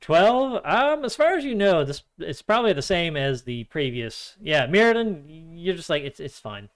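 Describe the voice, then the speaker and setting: A man running a tabletop game as game master, relaxed and quick to laugh with his players. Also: sits high. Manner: laughs often, easygoing with players.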